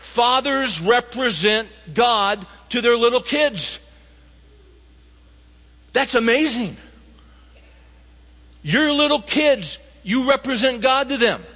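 A man's voice: extremely high pitch, animated, takes it slowly, long pauses, sharp tone, big-room sound. A man preaching a sermon, reading scripture and telling stories with emphatic quoted dialogue.

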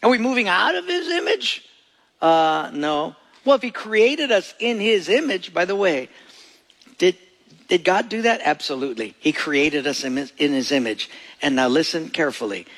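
A man's voice: on the high side, animated, normal speed, a bit bright. A man preaching a sermon as pastor, telling stories and acting out little scenes. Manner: storytelling preacher who acts out voices and jokes.

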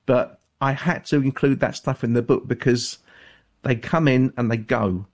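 A man talks as a guest author on a call-in radio show. He speaks in a measured, careful way, hedging often and filling pauses with ums and uhs. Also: mid-range voice, steady tone. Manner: measured, hedging, many fillers.

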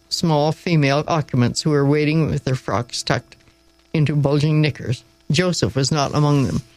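A man narrating an audiobook in a measured, wry storytelling manner, close to the mic. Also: a little high, no room sound, rough recording. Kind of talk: scripted narration.

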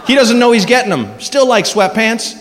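A man doing a stand-up set on a club stage, animated and jokey. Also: extremely high pitch, moderate pace, a loud crowd. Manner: animated, jokey, acts out voices. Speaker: stand-up comedian. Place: comedy club stage before a live audience. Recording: live club recording with long reverb and background noise.

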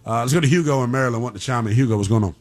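A man hosting a late-night call-in sports radio show in a brash, slangy, animated way from the studio. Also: medium pitch, very fast.

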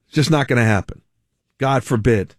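A man's voice: mid-range voice, moderate pace, no room sound, studio quality. A man hosting a talk radio show, delivering a sarcastic, mocking monologue with frequent laughs.

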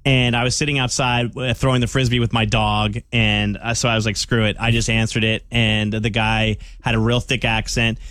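A man hosting a radio morning show, telling a prank story in a jokey, animated way with mock panic. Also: medium pitch, normal speed, hardly any pauses, no room sound, studio quality.

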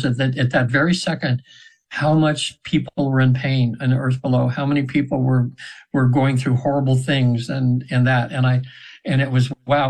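A man's voice: mid-range voice, a little mellow, low-quality recording. A man in his seventies, a guest on a radio show, telling a long story in an earnest, rambling way with many fillers and restarts. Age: 70s. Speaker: radio guest, spiritual practitioner. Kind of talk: casual radio interview storytelling. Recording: radio interview.

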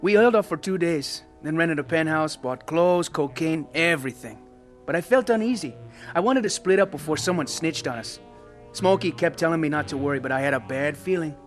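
Streetwise young ex-gang member, played by a man, radio drama narration, high voice. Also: fairly quick, soft background music, natural voice. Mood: reflective. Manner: streetwise, blunt. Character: young male ex-gang member telling his story.

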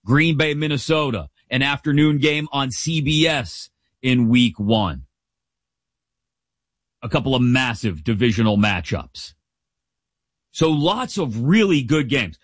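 A middle-aged man hosting a sports talk show, giving casual, opinionated commentary in an animated, jokey way. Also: mid-range voice, a little slow, pauses often, no room sound. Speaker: sports podcast host.

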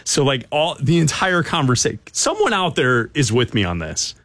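A man's voice: mid-range voice, big pitch swings, moderate pace, a bit bright, no room sound. A man co-hosting a sports radio show, teasing his partner and laughing a lot in bantering talk. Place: Chicago studio.

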